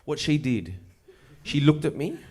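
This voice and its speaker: A man's voice: a little high, measured pace. Wry man telling a story on stage. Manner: wry, deadpan delivery with playful asides. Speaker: stand-up comedian. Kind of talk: stand-up storytelling. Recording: live show with audible noise. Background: audience laughter.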